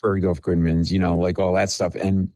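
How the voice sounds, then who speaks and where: On a storytelling podcast, a comedian guest with a low-pitched voice speaks at normal speed, animating his stories by acting out the lines. The audio is poor, with no room sound.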